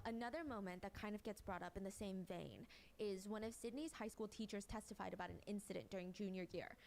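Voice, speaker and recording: A woman's voice: medium pitch, darkish tone, slight background noise. Woman recapping a trial, casual. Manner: conversational, explaining step by step. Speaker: true-crime commentator.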